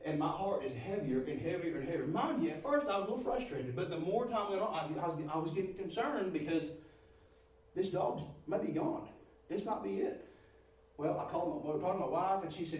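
A man, middle-aged, preaching in a folksy, storytelling way that swings up into loud exclamations. His voice sits high for a man. He sounds distant from the mic in an echoey room. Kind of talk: storytelling sermon.

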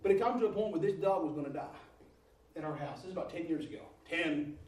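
Folksy high-voiced preacher. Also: male voice, fast talker, echoey room, far from the mic, noisy background. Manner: folksy, animated storytelling, rising to loud exclamations. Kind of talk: storytelling sermon.

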